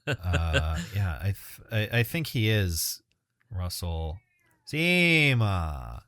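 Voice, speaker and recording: A man's voice: deep voice, takes it slowly, no echo, clean studio sound. A man co-hosting a podcast, talking casually and rambling with fillers and restarts. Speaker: podcast co-host. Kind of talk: casual chat.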